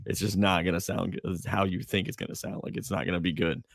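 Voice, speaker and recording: A man's voice: sits low, fairly even intonation, quick pace, vocal fry, no room sound, clean studio sound. A man co-hosting a podcast, telling a long story in casual chat, rambling with lots of fillers and restarts. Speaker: podcast co-host.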